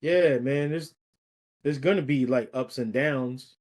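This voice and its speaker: A man's voice: medium pitch, slow, a little mellow. A man in his fifties, a podcast guest, telling stories in loose, slangy casual chat and laughing through his lines. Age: 50s.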